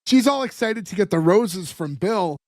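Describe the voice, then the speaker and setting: A man's voice: sits high, lively intonation, moderate pace, darkish tone, dry recording, studio quality. A man co-hosting a podcast in casual chat, retelling scenes by acting out the characters' lines and laughing often. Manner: laughs often while talking. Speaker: podcast co-host.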